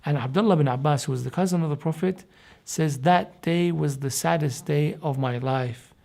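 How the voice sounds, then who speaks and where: A man recounting religious history for a documentary, with an emphatic, forceful delivery. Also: a little high, normal speed, vocal fry. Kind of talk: documentary storytelling. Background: background music.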